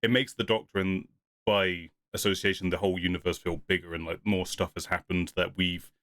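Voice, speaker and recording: Chatty, low-voiced man reviewing an episode. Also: level tone, brisk, a bit bright, no room sound. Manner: rambling, laughs often, acts out quotes. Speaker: podcast co-host. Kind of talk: casual review chat.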